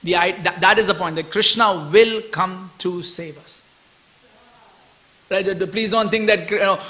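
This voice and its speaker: Bright-voiced man giving an animated scripture lecture. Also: sits high, normal speed. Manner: animated, chuckling, asks "right?" often. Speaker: temple scripture speaker.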